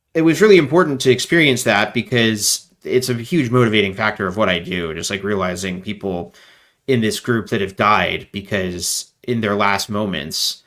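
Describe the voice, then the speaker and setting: A man talking as a guest in a casual interview over a video call, animated and rambling with lots of fillers. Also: on the low side, normal speed.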